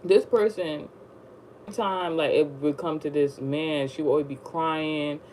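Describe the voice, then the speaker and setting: A woman telling a rambling storytime in casual slang, jumping up high when she acts surprised. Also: measured pace, a little hiss or hum, rough recording. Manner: rambling, slangy, animated retelling. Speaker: vlogger.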